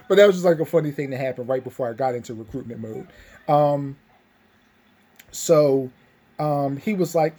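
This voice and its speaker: A man's voice: medium pitch, moderate pace, pauses often, dark tone. A young man casually recapping a tabletop game session, rambling with lots of fillers and restarts.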